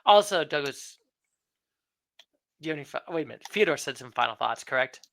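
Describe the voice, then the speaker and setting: A man's voice: a little high, lively intonation, fairly quick, gravelly, a bit bright. A man hosting a casual sports podcast, wrapping up in a playful, sleepy way. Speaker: podcast host.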